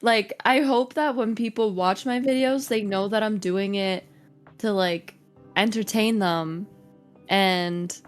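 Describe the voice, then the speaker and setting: Woman guest, chatty and giggly, loose "like"-filled delivery, mid-pitched voice, faint music under it. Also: steady tone, takes it slowly, clean tone. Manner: giggly and bubbly, with frequent "like" fillers. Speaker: guest, streamer and content creator. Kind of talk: casual interview chat.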